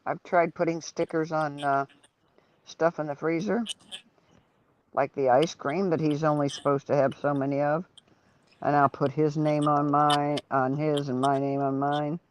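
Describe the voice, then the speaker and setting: A woman chatting casually on a call to a friend's stream, rambling easily, slightly sick with a low fever. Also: little pitch movement, unhurried, low-quality recording. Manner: easygoing, rambling small talk. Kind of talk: casual chat.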